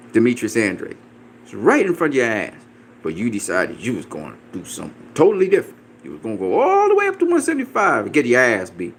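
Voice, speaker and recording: A man on a fired-up rant, cursing freely and brushing off every argument with scorn. His voice sits in an ordinary middle pitch, and he keeps hammering the same points with mocking laughs. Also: a little hiss or hum. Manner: profane, combative, dismissive; repeats himself, laughs mockingly. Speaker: boxing commentator. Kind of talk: ranting reaction video.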